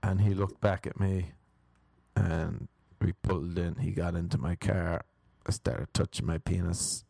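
A man's voice: low voice, flat delivery, a little slow, creaky, mellow, no echo. A young man doing a crude, mocking, rambling stand-up comedy routine.

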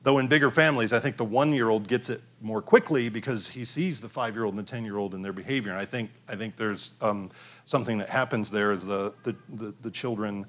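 A man's voice: fairly low pitch, a little fast, a bit bright. A man preaching a conversational sermon on raising children, often restarting his sentences and acting out the cries of children. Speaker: pastor.

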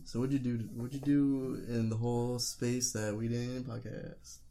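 A young man co-hosting a casual podcast, loud and joking, swearing a lot. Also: mid-range voice, flat delivery, a little slow, slight background noise. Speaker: podcast co-host. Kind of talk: casual chat.

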